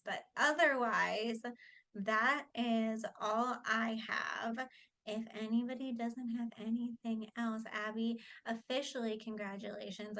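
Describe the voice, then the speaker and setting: A woman's voice: medium pitch, fairly bright tone. A woman leading a casual group video call, upbeat and enthusiastic as she shares her experience. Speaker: call leader.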